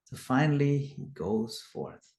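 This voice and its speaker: A man's voice: mid-range voice, a little slow. Man retelling scripture in an echoey room. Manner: animated retelling, acts out quoted lines loudly. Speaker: scripture study teacher. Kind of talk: storytelling scripture class.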